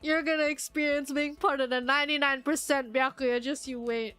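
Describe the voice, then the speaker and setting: High-voiced, animated woman streamer. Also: brisk, faint music behind. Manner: animated, giggly, talks back to the screen. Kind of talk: casual game commentary.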